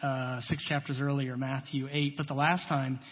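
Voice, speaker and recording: A man's voice: mid-range voice, level tone, moderate pace. A man preaching a sermon in a conversational, folksy way, full of asides and plain talk. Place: church. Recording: dull long-reverb church hall.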